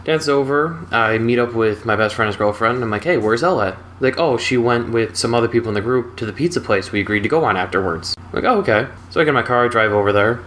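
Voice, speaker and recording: A young man casually telling a personal story, relaxed and wry. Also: medium pitch, fast talker, hardly any pauses, a little hiss or hum. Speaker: storytelling channel host.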